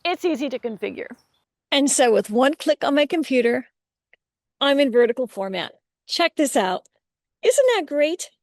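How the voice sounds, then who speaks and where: Upbeat woman with a gravelly edge. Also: sits high, lively intonation, normal speed, pauses often, darkish tone, no echo, studio quality. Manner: upbeat, enthusiastic. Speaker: product reviewer. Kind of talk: product demo. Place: outdoors in a garden. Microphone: webcam on a computer.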